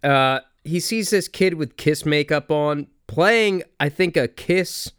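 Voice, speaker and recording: A man's voice: on the high side, slow pace, fairly bright tone, clear, resonant tone, dry recording, studio quality. A man hosting a podcast, casually chatting about a film, swearing, laughing and acting out scenes. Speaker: podcast host.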